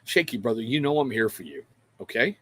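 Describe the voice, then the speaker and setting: A man's voice: medium pitch, sing-song, a little fast, bright, forceful tone, slightly rough, no echo. A middle-aged man hosting a livestream, chatting casually and rambling to viewers, calling out their names and swearing freely. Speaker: livestream host.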